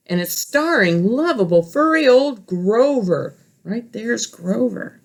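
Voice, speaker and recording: A woman teacher reading a picture book aloud to children, gentle and instructive, talking straight to her listeners. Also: mid-range voice, expressive, slow.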